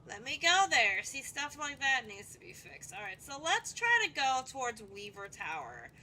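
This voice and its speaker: A woman's voice: high-pitched, huge pitch swings, moderate pace, sharp tone, slight background noise, rough recording. A woman streaming a video game, chatting playfully and swearing freely with muttered asides, over game music. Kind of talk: casual gameplay commentary.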